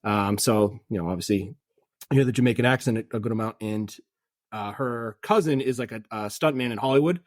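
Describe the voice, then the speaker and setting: A man co-hosting a casual movie podcast, talking in an animated way, laughing often and acting out characters' lines. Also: lowish voice, a little fast, no room sound, studio quality. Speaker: podcast co-host. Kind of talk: casual film review chat.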